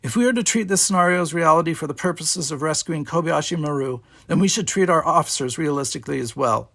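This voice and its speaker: A proud, stern female cadet, put on by a man reading a story, pitched well above his own voice. Her lines come out husky and gravelly, hard and scolding. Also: fast talker, a bit bright. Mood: fierce.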